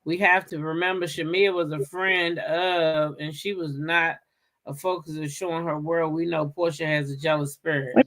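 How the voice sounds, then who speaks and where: A woman hosting a casual chat show, talking in a sassy, animated way. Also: deep voice, normal speed. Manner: sassy, animated, laughs at herself. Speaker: host.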